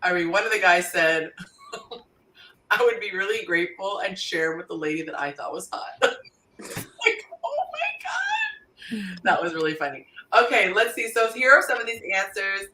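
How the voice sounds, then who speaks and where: A woman hosting a casual panel chat, animated and laughing often as she reads listener answers aloud. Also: mid-range voice, a little fast, reverberant, distant mic, poor audio. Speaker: host.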